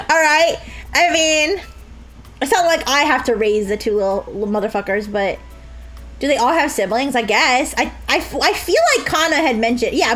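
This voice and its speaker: A young woman streamer talks over a game in a high voice that climbs and dives all over. She jokes crudely with her viewers, laughs often and slips into mock sobbing. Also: expressive, moderate pace, fairly bright tone, faint music behind, poor audio. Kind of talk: live-stream gameplay commentary.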